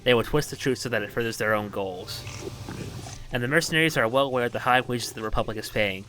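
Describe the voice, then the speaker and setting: A man's voice: medium pitch, fast talker, sharp tone, a little hiss or hum, natural voice, poor audio. A man reading the lines of a formal, worried male alien official in his own voice. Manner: formal, earnest.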